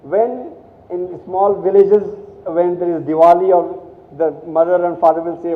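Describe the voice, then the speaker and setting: A middle-aged man from India tells stories to a room of students and acts out the dialogue as he goes. He stumbles and restarts often, and his voice sits high. The sound is thin and phone-like, and the hall echoes for a long time after each line. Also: steady tone, moderate pace. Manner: storytelling with quoted dialogue, many restarts. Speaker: guest speaker. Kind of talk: motivational talk to students. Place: college hall.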